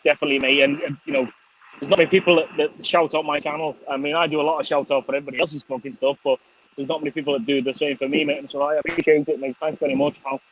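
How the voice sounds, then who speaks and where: Sweary Liverpool man, chummy and bright-voiced. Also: a little high, little pitch movement, racing, muffled recording, a little hiss or hum. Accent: Liverpool, softened by Scottish. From England, Liverpool. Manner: sweary, chummy, calls everyone mate. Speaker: motorcycle vlogger hosting a live stream. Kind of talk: casual live-stream chat.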